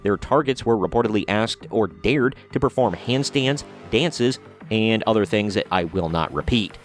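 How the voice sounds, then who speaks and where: A man's voice: fairly low pitch, lively intonation, normal speed, soft background music. Sarcastic male commentary host. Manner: sarcastic and blunt. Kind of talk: opinionated commentary reading news articles.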